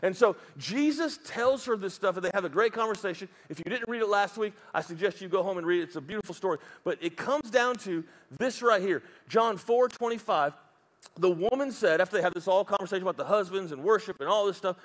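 A man's voice: sits high, expressive, a little fast. A man preaching a sermon as pastor, telling a Bible story with jokes, asides and put-on voices.

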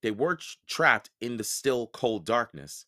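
A man reading a children's book aloud for a podcast, expressive and unhurried. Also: medium pitch. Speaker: podcast storyteller.

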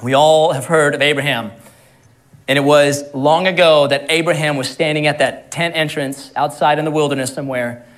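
A man's voice: on the high side, steady tone, normal speed, a bit bright. A man preaching a sermon in a conversational way, often repeating words and laughing at his own jokes. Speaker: pastor.

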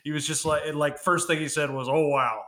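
Podcast guy, kinda high bright voice, telling a story, easygoing. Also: fairly even intonation, fairly quick. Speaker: podcast co-host. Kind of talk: casual chat.

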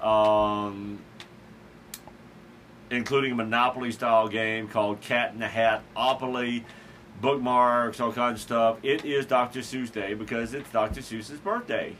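A man's voice: medium pitch, a bit bright, slight background noise. A man hosting a casual talk show, rambling through holidays with asides and fillers. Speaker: host. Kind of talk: casual chat about daily holidays.

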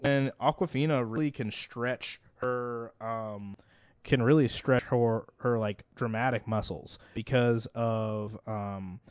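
A man's voice: medium pitch, fairly even intonation, slow pace, smooth, dry recording. Chatty man, dry close sound. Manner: rambling, heavy on "like" fillers. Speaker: podcast co-host. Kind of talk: casual movie chat.

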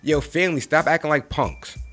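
Animated man ranting in street slang. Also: on the high side, fairly quick, soft background music. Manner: animated, preachy, street slang, rhetorical questions. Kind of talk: casual motivational rant to camera.

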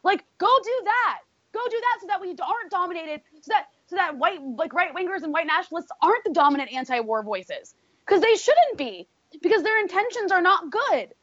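A woman's voice: extremely high pitch, very animated, a little fast, a bit bright, dry recording, dull audio. A woman co-hosting a political talk show, ranting in an exasperated, profane way, full of fillers and restarts. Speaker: political commentary co-host.

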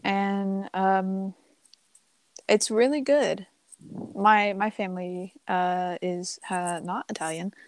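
A woman's voice: medium pitch, steady tone, slow pace, no echo. Young woman co-host, casual, swears, scattered delivery, dry sound. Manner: rambling, swears freely, lots of fillers. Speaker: podcast co-host. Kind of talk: casual chat.

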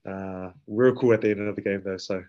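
Pro rugby guest, NZ accent, lowish voice, slangy storyteller, dull lo-fi sound. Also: male voice, fast talker. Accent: New Zealand. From New Zealand. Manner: relaxed, slangy, swears, acts out quoted dialogue. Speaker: guest, professional rugby player. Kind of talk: casual storytelling.

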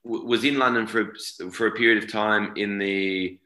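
A man in his forties with an Australian accent, guesting as an actor, chats loosely at a normal speed. His lowish, sharp voice stays fairly even in intonation as he rambles, repeats and self-corrects, all on a reverberant, low-quality recording.

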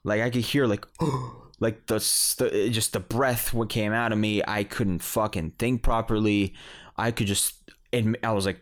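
Guy on a podcast telling a story, low smooth voice, rambly with lots of restarts. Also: normal speed, fairly bright tone. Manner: rambling, many restarts and fillers. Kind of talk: casual spoken storytelling.

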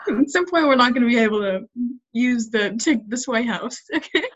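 A young woman co-hosts a casual podcast, giggly and teasing. Her voice is a little high. The recording sounds muffled and lo-fi. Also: lively intonation, unhurried. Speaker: podcast co-host. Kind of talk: casual chat. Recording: dull lo-fi sound.

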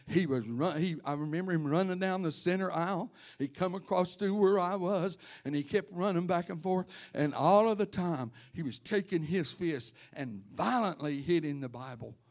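A male pastor preaching a sermon to his congregation in church, telling stories and calling out members by name, rising to loud fervent preaching. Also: sits high, moderate pace, hardly any pauses.

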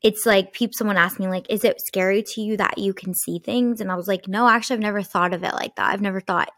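A woman's voice: mid-range voice, steady tone, fast talker, fairly bright tone, no room sound, clean studio sound. A young woman casually telling a personal ghost story, chatty, full of fillers and swearing.

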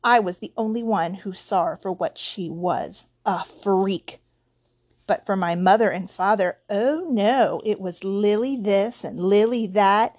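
Aunt Petunia, a woman doing a shrill ranting aunt. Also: measured pace, dry recording, close to an everyday voice. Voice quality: shrill, loud.

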